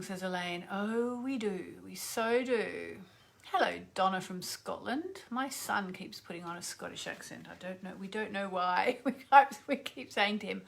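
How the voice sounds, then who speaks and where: A woman's voice: mid-range voice, lively intonation, unhurried, vocal fry. A middle-aged woman, an astrologer and radio host, chatting casually with viewers on a livestream and greeting them by name.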